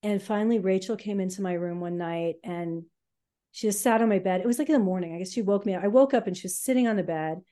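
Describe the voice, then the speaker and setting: Candid, halting woman, mellow voice. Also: mid-range voice. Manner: candid, halting, many fillers, emotional at times. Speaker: podcast co-host telling her story. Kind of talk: personal storytelling podcast.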